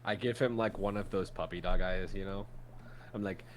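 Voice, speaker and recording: A man's voice: deep voice, fairly even intonation, moderate pace, noisy background. A man playing a tabletop game, chatting casually and rambling with fillers. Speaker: player.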